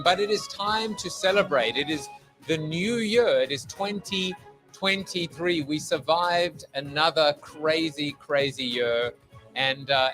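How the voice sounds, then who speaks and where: A man's voice: mid-range voice, pushed and bright. A middle-aged man hosting a podcast, opening the show with a playful, rambling monologue full of jokes and wordplay. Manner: jokey, theatrical, riffing with wordplay. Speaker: podcast host.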